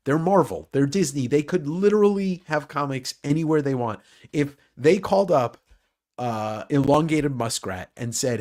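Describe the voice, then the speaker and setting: A man's voice: fairly high pitch, lively intonation, normal speed, a little mellow. A man hosting a casual livestream chat about comics who rambles, jokes and swears freely. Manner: rambling, joking, profane. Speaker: host.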